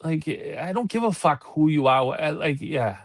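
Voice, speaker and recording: A man's voice: fairly high pitch, animated, normal speed, dry recording. A man hosting a live talk show, ranting in heated, profane casual chat. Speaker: podcast host.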